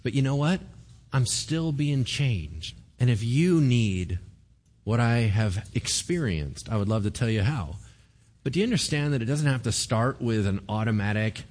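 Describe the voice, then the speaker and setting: A man, a pastor, giving a conversational sermon in an animated way and often checking in with the congregation. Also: medium pitch. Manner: animated, keeps asking the congregation "right?".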